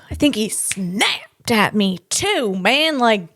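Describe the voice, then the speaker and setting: A woman comedian hosting her podcast, telling stories in a casual comedic monologue with animated, acted-out quotes. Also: a little high, moderate pace, hardly any pauses, dry recording, studio quality.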